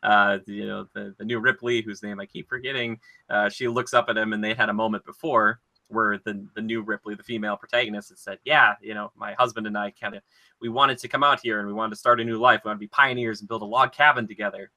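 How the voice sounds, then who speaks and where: A man co-hosting a casual podcast, retelling scenes in an animated, rambling way with lots of filler words. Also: lowish voice, fast. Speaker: podcast co-host.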